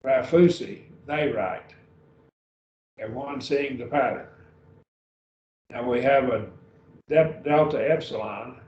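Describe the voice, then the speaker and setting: A man teaching a Greek grammar class at a slow, patient pace, repeating each word form as he goes. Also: mid-range voice, a little mellow. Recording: lo-fi roomy recording from a distance.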